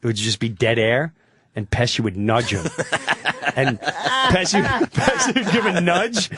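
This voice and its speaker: A man, a guest comedian, telling an animated anecdote on a talk show, swearing freely and acting out the voices. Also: medium pitch, a little slow. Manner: excitable storyteller, swears freely, acts out voices.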